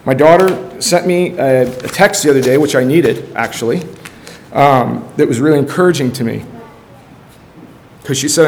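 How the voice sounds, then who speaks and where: A middle-aged man, a high school football coach, giving an earnest storytelling testimony in church, acting out quotes with bursts of energy. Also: moderate pace, slight background noise.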